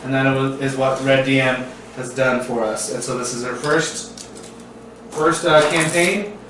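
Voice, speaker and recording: A man's voice: mid-range voice, fairly even intonation, unhurried, noisy background. A man chatting as a player at a tabletop game, laughing often and restarting his sentences. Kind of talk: casual tabletop game chat. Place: home room, filmed on camera. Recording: echoey room from a distant mic.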